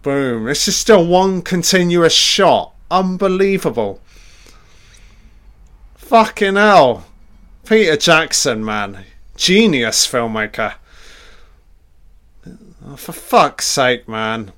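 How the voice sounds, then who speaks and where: Excitable man reacting to a film. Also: a little high, slow pace, pauses often. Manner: excitable, heavy swearing, reacts aloud to the screen. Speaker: film commentator. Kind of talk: casual film commentary.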